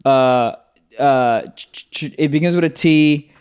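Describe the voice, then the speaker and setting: A young man co-hosting a comedy podcast in casual chat. He is excitable, swears a lot and stumbles while hunting for words. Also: medium pitch, unhurried, clean tone. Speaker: podcast co-host.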